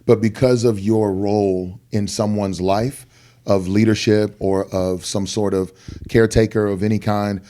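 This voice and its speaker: A middle-aged man speaks with a low, warm, mellow voice, telling personal stories on a podcast. He talks earnestly and animatedly, and his pitch jumps sharply whenever he acts out someone he is quoting. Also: steady tone, measured pace. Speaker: guest rapper. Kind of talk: candid podcast storytelling.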